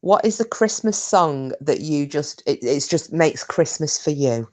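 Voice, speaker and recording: A woman's voice: deep voice, lively intonation, a little slow, a little mellow. Woman, stream host, chatty, swears, laughs at herself. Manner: chatty, swears freely, self-mocking. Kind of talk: casual chat and storytelling with viewers.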